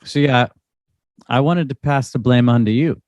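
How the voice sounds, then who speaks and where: A man's voice: medium pitch, normal speed, darkish tone, no room sound. A man from Idaho co-hosting a podcast in casual profane chat, dry and laid-back with wry asides. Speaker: podcast co-host.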